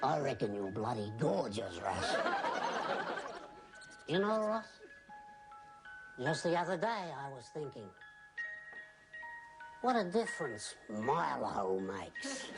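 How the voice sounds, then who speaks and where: A man's voice: medium pitch, very animated, slow, pauses often, loud music behind the voice. A man with an Australian accent rambling in a drunken, overly affectionate comic monologue.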